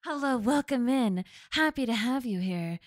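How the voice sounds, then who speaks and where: A woman's voice: a little high, expressive, moderate pace, dry recording, studio quality. A young woman streaming a game, chatting casually with her viewers, swearing freely and humming along to the game music. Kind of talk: casual live-stream chat while gaming. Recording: game music playing clearly behind.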